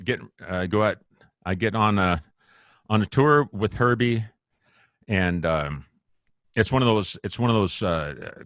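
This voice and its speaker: A man being interviewed as a guest musician, telling stories in a lively, casual way, laughing often and acting out what people said. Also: lowish voice, dry recording. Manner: animated, laughs often, acts out quotes. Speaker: guest bassist.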